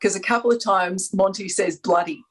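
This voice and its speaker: A woman's voice: mid-range voice, moderate pace, slightly rough, rough recording. A woman with an Australian accent, chatting enthusiastically on a panel, rambling and laughing often. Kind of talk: casual chat.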